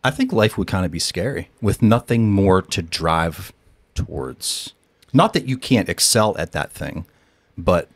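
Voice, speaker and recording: A man hosting a podcast, talking in a thoughtful, measured way. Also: deep voice, no room sound. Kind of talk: casual podcast conversation.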